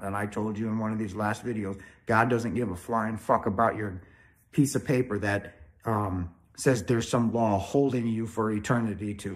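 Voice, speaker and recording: A man talks straight to his viewers about spirituality in a loose, preachy manner. He stresses his points hard and keeps tagging sentences with "right?". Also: fairly low pitch. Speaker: spiritual video host. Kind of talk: informal spiritual talk to camera.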